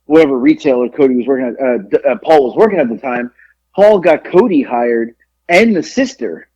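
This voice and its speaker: A man co-hosts a podcast from a home studio in Georgia, telling a long, rambling, profane story with many restarts in casual chat. His voice is medium-pitched, expressive, brisk and mellow. The recording is dry, dull and lo-fi.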